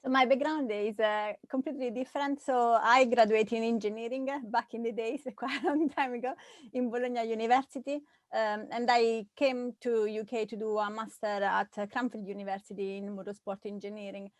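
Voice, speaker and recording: A woman from Italy, an engineer, answering interview questions over a video call in a lively way. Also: fairly high pitch, brisk, no echo. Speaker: guest, engineer.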